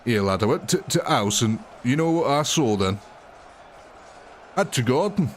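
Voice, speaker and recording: A man voicing a blunt male Yorkshireman with a broad, gruff Yorkshire accent. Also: medium pitch, animated, normal speed, a little hiss or hum, close to an everyday voice. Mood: joking. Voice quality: broad, gruff dialect with "lad" and "aye". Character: blunt plain-spoken male Yorkshireman, lower voice.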